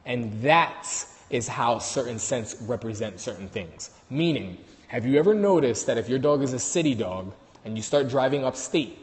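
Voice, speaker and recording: A man's voice: mid-range voice, in a large hall. A man with a New York accent, a dog trainer hosting a casual livestream on his phone, talking loosely with many fillers and restarts.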